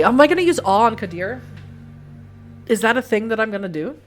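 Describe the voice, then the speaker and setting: A woman's voice: fairly high pitch, normal speed, faint music behind. Chatty woman in her thirties streaming a game. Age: 30s. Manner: chatty, laughs often, swears casually. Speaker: streamer reading a visual novel aloud. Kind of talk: casual let's-play commentary.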